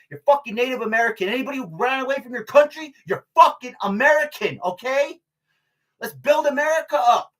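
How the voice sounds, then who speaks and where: A man's voice: very high-pitched, fairly bright tone. An older man vlogging in a casual, rambling monologue, swearing freely and stalling on fillers. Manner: profane, rambling, many fillers and restarts; laughs between remarks.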